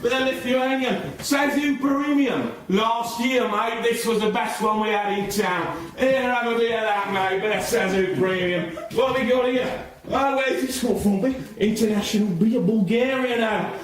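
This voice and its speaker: A man playing a loud beer giver with bantering street patter, heard from a distance in an echoey room. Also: very high voice, measured pace, few pauses. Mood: rowdy. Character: rowdy London man handing out free beer.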